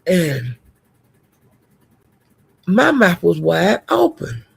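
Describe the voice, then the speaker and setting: Gravelly, husky woman vlogger dishing gossip. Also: lowish voice, sing-song, very slow. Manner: blunt, profane and indignant, addresses viewers directly. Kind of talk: casual gossip commentary.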